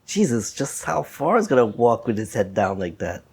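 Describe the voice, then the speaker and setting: A man's voice: mid-range voice, very animated, normal speed, vocal fry, darkish tone, breathy edge. Hesitant man explaining lore casually. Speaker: co-host. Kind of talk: casual chat over a game playthrough.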